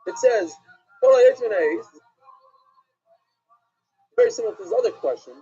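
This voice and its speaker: A man, a rabbi, giving an animated Talmud class lecture, asking and answering questions with emphasis. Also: extremely high pitch, normal speed. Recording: dull lo-fi recording with faint music.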